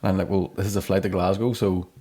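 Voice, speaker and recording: A young man with a Northern Irish accent hosts a comedy podcast. He tells stories at a brisk clip, full of swearing and banter. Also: sits low, level tone, warm tone. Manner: rapid storytelling with crude banter. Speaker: podcast host. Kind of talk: casual comedy chat.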